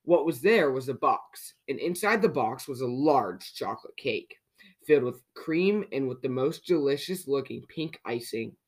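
Kids' podcast host reading a storybook out loud, lively, keeps asking the listener questions. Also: mid-range voice. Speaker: children's story reader. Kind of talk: reading a picture book aloud to children.

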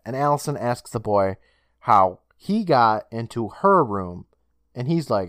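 Lively, animated man recapping a show. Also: medium pitch, moderate pace, dry recording, studio quality. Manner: animated, swears, mimics characters while recapping. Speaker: podcast co-host recapping an episode. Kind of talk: casual chat, retelling scenes.

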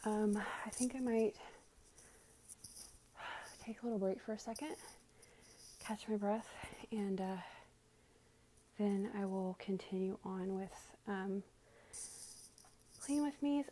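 A woman's voice: mid-range voice, mellow, a little hiss or hum. A young woman vlogging casually while cleaning her living room at home. She is out of breath and rambles, with many fillers and sighs.

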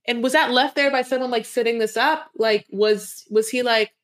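A woman's voice: a little high, steady tone, normal speed. A woman co-hosting a podcast in casual recap chat, chatty with wry asides. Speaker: podcast co-host.

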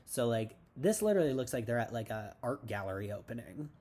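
A man's voice: mid-range voice, sing-song, a little fast, warm tone. A man hosting a casual TV recap podcast, rambling and sarcastic with lots of "like". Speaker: podcast host.

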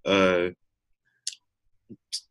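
A young male podcast co-host talks very slowly in a fairly bright voice. The conversation is casual wrestling chat, and he rambles with many fillers and laughs.

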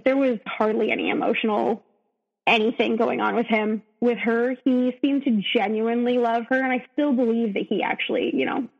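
A woman with a somewhat high voice recounts her personal story as an interview guest, earnest and emotional, often breaking off and starting over. The recording is dull and lo-fi. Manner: earnest and emotional, with frequent restarts. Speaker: podcast guest. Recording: dull, lo-fi sound.

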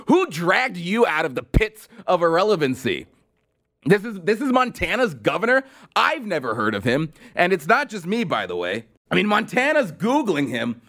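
A man's voice: high-pitched, wildly swooping pitch, moderate pace, a bit bright. A male podcast host delivering a sarcastic, mocking political commentary monologue with exasperated outbursts.

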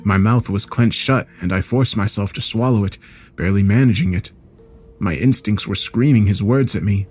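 A man's voice: fairly low pitch, normal speed, a little mellow, a little hiss or hum. A man reading a first-person horror story aloud in a dramatic, scripted narration.

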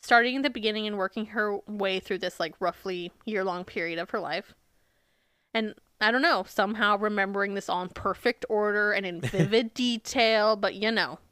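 A woman's voice: medium pitch, a bit bright, clear, resonant tone, dry recording, clean studio sound. A woman co-hosting a podcast in casual chat, sarcastic and swearing often as she retells a book. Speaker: podcast co-host.

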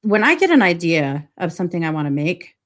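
A woman's voice: fairly low pitch, very animated, a little fast. A woman co-hosting a live podcast stream, chatting casually, laughing often and trailing off with fillers. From United States. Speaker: podcast co-host.

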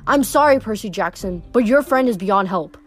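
A woman voicing a calm, stern young goddess of the hunt who speaks formally. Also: medium pitch, moderate pace, natural voice. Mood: calm regal.

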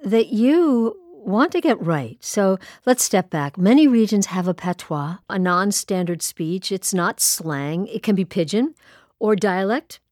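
Woman radio host, mid pitch, measured and clear, dry studio read. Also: animated, a little mellow, no room sound. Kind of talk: radio interview.

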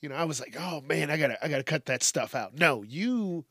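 Gravelly guy drawling slow, cussing and rambling on his own podcast, dry close mic. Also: a little high, expressive, fairly bright tone, no room sound. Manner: profane, rambling, talks about himself in third person. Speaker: podcast host. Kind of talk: rambling solo podcast chat.

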